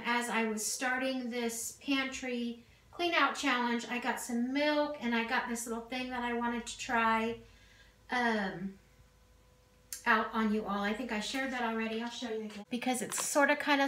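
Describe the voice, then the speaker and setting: A woman's voice: a little high, a bit bright, a little hiss or hum. A middle-aged woman chatting casually to camera in her home kitchen, rambling with asides and fillers as she talks through a cooking vlog. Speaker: cooking vlogger.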